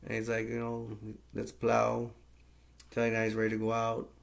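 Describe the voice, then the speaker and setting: Low, flat, gravelly-voiced man. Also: fast talker. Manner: rambling, plain-spoken, with frequent fillers. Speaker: movie reviewer. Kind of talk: casual movie plot recap.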